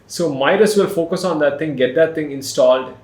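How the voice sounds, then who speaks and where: A man hosts a podcast in easygoing, lively chat and laughs often. His voice sits a little high, and the room around him sounds echoey. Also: a little fast. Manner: animated, laughs often, puts on mock voices. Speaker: podcast host. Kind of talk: casual chat.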